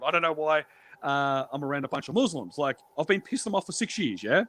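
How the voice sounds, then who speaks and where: A man's voice: on the high side, expressive, fairly quick, a bit bright. A man telling prison stories on a stream in a blunt, profane way, acting out the exchanges he quotes. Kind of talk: casual storytelling.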